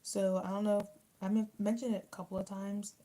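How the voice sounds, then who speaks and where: A woman's voice: mid-range voice, little pitch movement, brisk, warm tone, poor audio. A young woman in casual livestream chat, rambling with lots of fillers as she answers comments while eating. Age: young adult. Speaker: YouTuber reading live chat.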